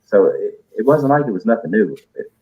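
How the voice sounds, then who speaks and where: Low husky man on a tinny line. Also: animated, a little fast. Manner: emphatic, profane, rambling. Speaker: caller on a live audio panel. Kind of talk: casual chat. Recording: tinny phone-line audio.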